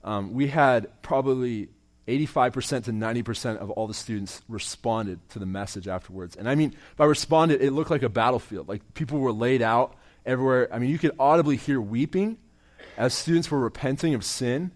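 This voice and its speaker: In a mid-range voice and at a fairly quick clip, a young campus minister gives an earnest testimony-style sermon. Repeated words signal his frequent restarts, and he lets his sentence ends fall quiet.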